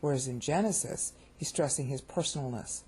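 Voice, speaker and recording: A woman's voice: rumbling low, brisk, mellow, slightly rough. A woman giving a recorded Bible study lecture. She explains grammar step by step, repeats key words for emphasis, and talks informally with frequent restarts and asides. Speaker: Bible teacher.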